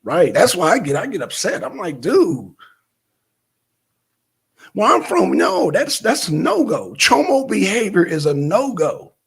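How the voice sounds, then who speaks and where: Male stream host, high raspy voice, blunt and profane political talk from home. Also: wildly swooping pitch, a little slow. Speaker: livestream host.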